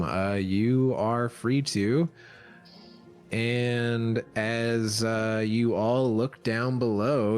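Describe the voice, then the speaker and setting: A man running a tabletop game as dungeon master, narrating and playing characters with many fillers and restarts. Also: medium pitch. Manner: slow, hesitant, with many fillers.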